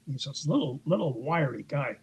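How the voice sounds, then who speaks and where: This man's voice sits a little high and has a darkish tone with a breathy edge. He speaks expressively at a moderate pace, and the recording is rough. As an interviewed author he tells a long story conversationally, stumbling into fillers and restarts and acting out others' lines in raised voices.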